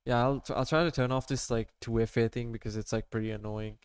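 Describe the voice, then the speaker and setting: A man's voice: mid-range voice, fairly even intonation, quick pace, clean tone, no room sound. A man talking viewers through his trading charts in a loose, casual screen-share tutorial, rambling and peppering his talk with "like", "okay?" and "right?". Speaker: amateur trader showing his charts.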